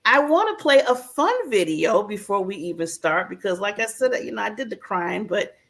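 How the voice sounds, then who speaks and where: A woman's voice: medium pitch, sing-song, normal speed, vocal fry, a bit bright. A woman hosting a talk show in a bubbly, emotional way, laughing often. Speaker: host.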